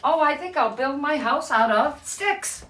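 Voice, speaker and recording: A woman's voice: sits high, expressive, unhurried, a bit bright, distant mic. A woman voicing a cheerful young male pig who muses happily about where to build. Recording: echoey room, away from mic.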